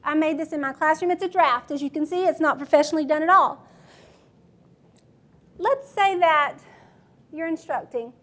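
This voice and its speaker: Woman, high voice, teacher workshop talk, matter-of-fact, asks the room questions. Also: moderate pace, long pauses, fairly bright tone. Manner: matter-of-fact, quizzes the audience. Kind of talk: classroom management workshop talk.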